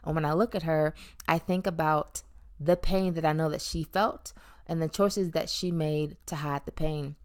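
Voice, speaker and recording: A woman's voice: low-pitched, fairly even intonation, normal speed. A woman in her thirties telling her own story in a candid, reflective way, with playful emphasis and frequent ums. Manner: reflective and conversational, with playful emphasis and many um fillers. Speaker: vlogger sharing her weight-loss story. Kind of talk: candid personal monologue.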